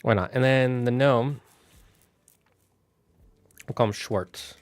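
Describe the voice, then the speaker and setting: A man thinking aloud on a casual solo stream, building out a fantasy town with halting, restarting speech. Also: mid-range voice, clear, resonant tone, no room sound.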